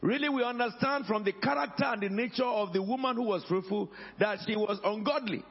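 High-voiced preaching man in an echoing hall. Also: brisk, vocal fry, slightly rough, lo-fi sound, faint music behind. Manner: preaching call-and-response, rising to shouts. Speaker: pastor. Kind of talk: sermon. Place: church hall.

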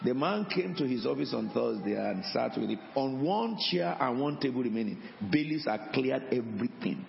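A man's voice: medium pitch, lively intonation, moderate pace, gravelly, a little hiss or hum. A man preaching a sermon as an apostle, telling a story and acting out the dialogue with repeated words. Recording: dull, echoey hall with faint ambience.

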